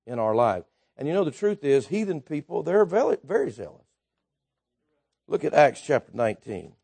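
Fervent Baptist preacher, man, swooping pitch. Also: sing-song, moderate pace, creaky, husky. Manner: fervent, rises to shouting then drops low. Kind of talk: sermon.

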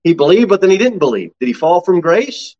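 A male pastor in full sermon, his fairly high voice dropping low for quiet asides and then climbing to ringing high exclamations. The recording sounds dull and lo-fi. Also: sing-song, a little fast.

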